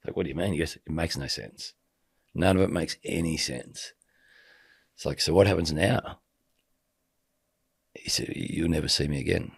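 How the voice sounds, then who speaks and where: Man, middle-aged, very deep, gravelly, storytelling. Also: moderate pace, long pauses. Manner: vivid storyteller who acts out quoted dialogue. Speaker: podcast guest, sports commentator. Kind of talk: casual storytelling conversation.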